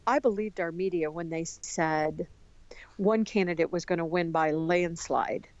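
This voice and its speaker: A woman from the United States, a podcast guest, talking in an animated, chatty way with many restarts. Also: on the low side, a little slow, dull audio. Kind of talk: casual conversation.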